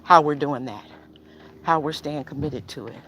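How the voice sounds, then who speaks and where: An older woman live-streams her walk through a neighborhood outdoors, chatting casually with viewers between heavy breaths and sighs, out of breath. Her voice is low, a bit bright, at normal speed, with outdoor noise in the background.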